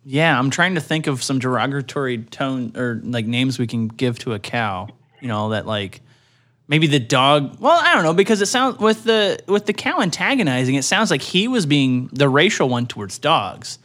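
A man's voice: mid-range voice, animated, normal speed, fairly bright tone. A man co-hosting a casual comedic chat, playful, riffing and often laughing. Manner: playful, laughs often, riffs on absurd bits.

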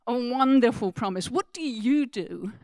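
A woman preaching a sermon to a congregation, earnest and emphatic, moving from soft asides to loud exclamations as she talks about scripture. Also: a little high, animated, a little slow, dry recording.

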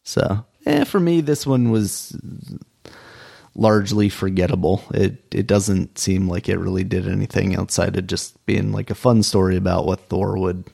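A man's voice: low-pitched, normal speed, vocal fry, warm tone, breathy edge. A man in casual chat, laid-back, giving a dry, wry take on an episode he half dozed through. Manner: laid-back, short agreeing replies, then a longer wry take.

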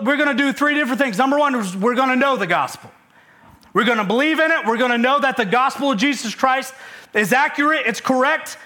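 A male pastor preaching a sermon to a church service, energetic and conversational, with many fillers and restarts. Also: very high voice.

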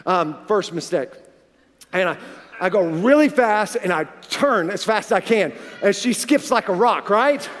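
A man in his forties, a pastor preaching a sermon, telling a personal story in an animated way and acting out the dialogue. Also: high-pitched, measured pace. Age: 40s. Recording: long reverb of a large hall.

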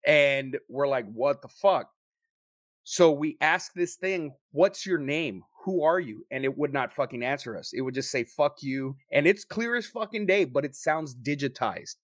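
A young man telling a story to friends in a casual, profane, animated way, acting out what people said. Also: on the high side, dry recording, studio quality. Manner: profane, animated storyteller who acts out quotes. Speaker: paranormal investigator telling a story.

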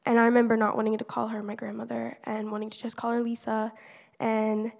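In a church hall, a teenage girl gives an earnest, conversational testimony of faith, full of casual fillers. Her voice is fairly high, monotone, brisk and creaky with a darkish tone, and the hall adds long reverb.

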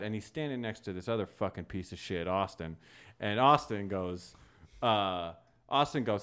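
Profane, animated young man telling a story. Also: fairly low pitch, normal speed, clean tone. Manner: profane, animated, gets loud acting out quotes. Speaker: podcast host. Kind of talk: casual storytelling.

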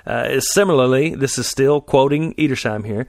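A man leads a Bible teaching with an easygoing manner, pausing on fillers and restarting phrases as he reads and explains. His voice sits at an ordinary middle pitch. The recording is dry, with no room sound. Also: no room sound. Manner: conversational, frequent fillers and restarts while reading scripture aloud. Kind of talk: sermon-style Bible teaching.

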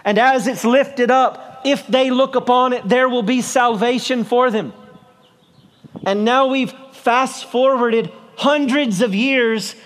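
Slow, high-voiced preaching man. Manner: preaching with slow emphatic stresses and repetition. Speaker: pastor. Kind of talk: outdoor Easter sermon. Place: outdoors on a town square.

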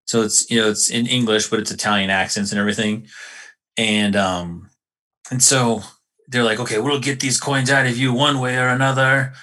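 A man co-hosting a casual podcast, telling a story in animated, slangy chat full of swearing. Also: medium pitch, moderate pace. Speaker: podcast co-host.

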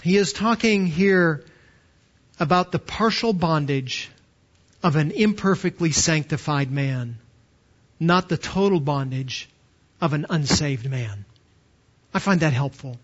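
A man in his fifties delivers a sermon in a notably high voice. He presses his points with emphatic, slowed stresses and rhetorical questions. The recording sounds muffled and lo-fi. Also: lively intonation. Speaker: pastor.

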